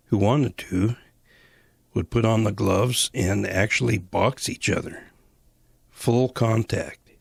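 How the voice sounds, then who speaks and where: A man in his sixties from the Western United States, telling old stories in an unhurried, rambling way full of pauses. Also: fairly low pitch, vocal fry, slightly rough, no room sound, clean studio sound. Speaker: storyteller recalling mission days. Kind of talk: casual spoken reminiscence.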